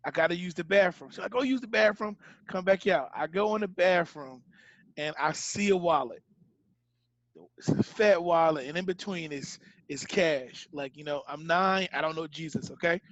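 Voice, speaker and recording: High-voiced man telling a story. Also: moderate pace, dry recording. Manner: animated, acts out voices in his story. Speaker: podcast co-host telling a story. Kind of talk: casual storytelling chat. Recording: muffled dry home podcast audio.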